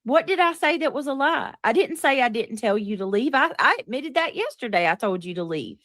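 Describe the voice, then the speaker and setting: A woman's voice: high-pitched, lively intonation, fairly quick, a bit bright, no echo, studio quality. A woman hosting a live-stream chat, talking in an indignant, profane way and repeatedly demanding answers. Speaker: livestream host.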